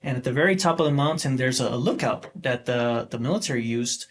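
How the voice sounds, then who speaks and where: A man in his forties telling a personal story as a podcast guest, halting and rambling with many fillers and restarts. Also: medium pitch, expressive. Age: 40s. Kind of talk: casual storytelling interview.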